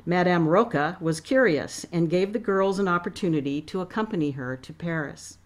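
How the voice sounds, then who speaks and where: A woman author reading her novel aloud in a measured, expressive way. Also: on the low side.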